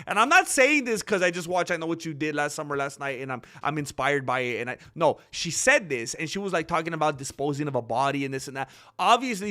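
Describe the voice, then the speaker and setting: A man hosting a casual livestream, telling stories animatedly with frequent laughter and reading chat aloud. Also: on the high side. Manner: animated storyteller who laughs often and reads chat. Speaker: channel host.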